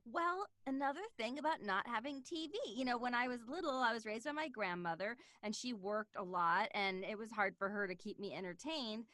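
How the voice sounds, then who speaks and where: A woman voice actress chatting as an interview guest, excitable and animated, often laughing. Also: fairly high pitch, a little fast, hardly any pauses, no echo. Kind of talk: casual interview chat.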